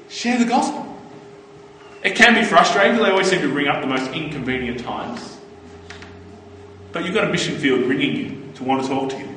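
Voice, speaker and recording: High-voiced preacher in an echoey hall. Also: male voice, fairly bright tone, far from the mic, slight background noise. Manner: earnest, anecdotal, quotes others in brief voices. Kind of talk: sermon.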